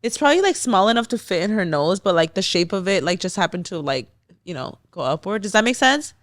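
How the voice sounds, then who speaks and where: Young female podcast co-host, animated storyteller, dry studio mic. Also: medium pitch, fast, no room sound. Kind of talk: casual chat.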